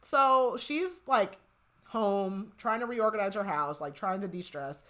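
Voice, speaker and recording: A woman's voice: medium pitch, lively intonation, a little slow, a bit bright. A young woman hosting a podcast, casually retelling a novel's plot and filling her speech with "like". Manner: chatty, heavy use of "like", retells scenes with quoted lines. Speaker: podcast host. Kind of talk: casual book recap.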